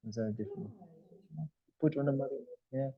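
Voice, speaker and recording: A man's voice: medium pitch, fast, lo-fi sound. A man guiding a live yoga class in a studio, chatty and playful, laughing often. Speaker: yoga teacher.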